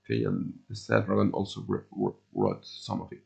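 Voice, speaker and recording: A man hosting an investing video, losing his voice a bit, explaining charts in a halting, casual way with many restarts and fillers. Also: on the low side, big pitch swings, vocal fry, a little mellow, breathy edge.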